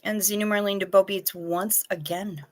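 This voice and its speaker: A woman's voice: medium pitch, steady tone, normal speed. A woman hosting a casual live stream, chatting frankly with viewers and swearing now and then, sounding anxious.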